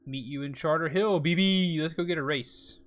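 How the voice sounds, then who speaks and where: A man's voice: on the high side, moderate pace. A man from rural South Carolina chatting with his viewers while streaming a video game. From rural South Carolina, USA. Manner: chatty, reads out and answers chat. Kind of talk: live game streaming commentary.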